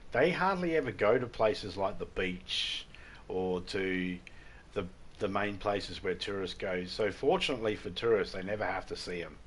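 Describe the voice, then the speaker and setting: A man with an Australian accent chatting on a live game stream, telling rambling, swearing stories and laughing at his own jokes. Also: fairly low pitch. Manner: rambling, profane, laughs often, acts out drunks loudly. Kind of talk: casual storytelling chat.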